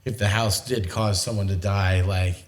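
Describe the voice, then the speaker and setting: A man's voice: lowish voice, fairly even intonation, moderate pace. A man co-hosting a podcast, telling joking anecdotes in casual chat.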